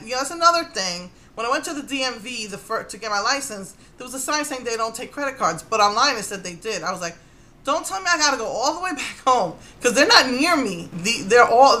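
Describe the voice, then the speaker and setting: A woman in her thirties telling a chatty story in a casual vlog, animated and laughing often. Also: a little high. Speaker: vlogger.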